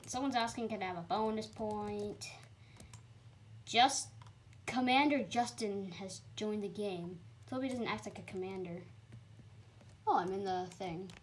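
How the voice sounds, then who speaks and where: Excitable young woman gaming, lively pitch. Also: a little hiss or hum. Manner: excitable, chatty, sudden high squeals. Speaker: gamer. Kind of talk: casual gameplay commentary.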